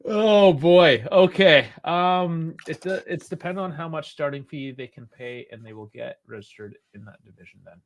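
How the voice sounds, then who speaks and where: Higher-voiced man in loose podcast banter. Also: lively intonation, normal speed, hardly any pauses. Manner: loose, swearing, joking banter. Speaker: podcast co-host. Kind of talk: casual football podcast chat.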